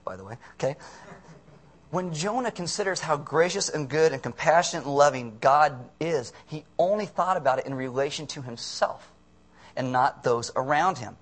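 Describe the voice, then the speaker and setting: A young man preaches with a sermon's rhythm, swinging from quiet asides to sarcastic, acted-out outbursts. His voice sits a little high for a man and moves all over the place as he talks. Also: moderate pace. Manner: animated, sarcastic, acts out quoted voices. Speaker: pastor.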